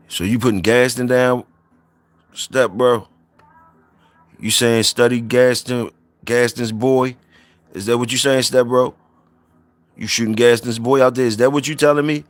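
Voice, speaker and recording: A man's voice: medium pitch, measured pace, long pauses. A man hosting a casual livestream, reading out viewer comments and saluting people in a loose, repetitive drawl.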